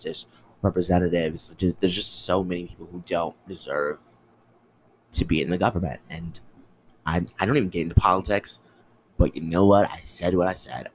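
A man's voice: low-pitched, slight background noise, rough recording. A young man hosting a solo podcast, ranting in an impassioned, angry way with lots of swearing. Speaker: podcast host.

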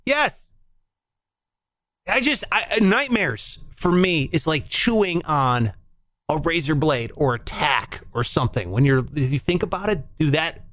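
Animated, rambling man telling stories. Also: fairly high pitch, unhurried, dry recording. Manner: rambling, animated storytelling with swearing and impressions. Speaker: podcast co-host. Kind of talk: casual chat.

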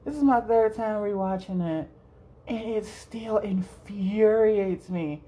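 A woman's voice: mid-range voice, slow, dark tone, slight background noise. A young woman hosting a solo podcast, rambling casually, swearing freely and laughing often. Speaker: podcast host.

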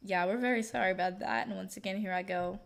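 A woman's voice: medium pitch, quick pace, creaky. A young woman co-hosting a podcast, chatting casually, rambling with lots of fillers and giggles. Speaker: podcast co-host. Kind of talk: casual chat.

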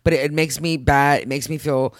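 A woman's voice: low-pitched, steady tone, fairly quick, no room sound, clean studio sound. A woman co-hosting a podcast, speaking earnestly and emotionally, often repeating herself as she rambles on. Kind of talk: candid personal chat.

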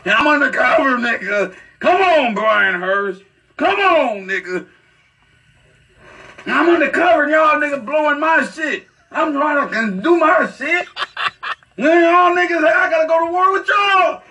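A man doing rowdy, shouting banter. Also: very high voice, lively intonation, a little slow, distant mic.

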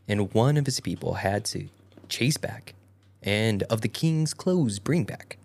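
A man's voice: on the low side, expressive, unhurried, gravelly, darkish tone, slightly rough. A man hosting a casual podcast, reading an old fairy tale aloud and tripping over its old-fashioned wording. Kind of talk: casual storytelling read-aloud.

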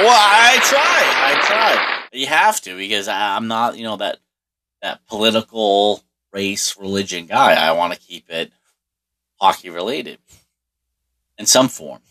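A man's voice: sits low, pushed and bright. A middle-aged man telling a personal story in a rambling, profane way, full of restarts and fillers. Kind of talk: casual storytelling monologue.

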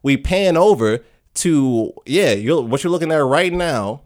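A young man talks casually with a lively, swooping voice that sits a little high for a man. He recaps a story with energy, slipping into characters' lines, laughing and swearing as he goes. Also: unhurried. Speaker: podcast host reviewing comics. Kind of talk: casual chat.

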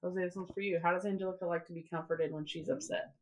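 Podcast host, woman, laughs easily, reads questions slow, soft noise under her voice. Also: on the low side, fairly even intonation. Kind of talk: casual chat.

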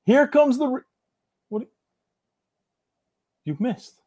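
A man in casual podcast chat, talking in a loud, hyped, bro-ish way as a guest. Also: very high-pitched, expressive, slow.

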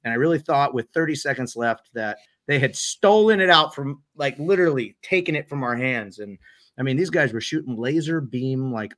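A man's voice: mid-range voice, fairly bright tone. A man co-hosting a podcast, telling a self-deprecating paintball story in a casual way. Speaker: podcast co-host and paintball player.

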